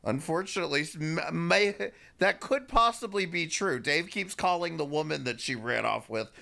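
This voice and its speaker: A man's voice: a little high, lively intonation, moderate pace, gravelly, bright, forceful tone. A man hosting a live stream, cutting in with sarcastic, profane asides. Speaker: stream host.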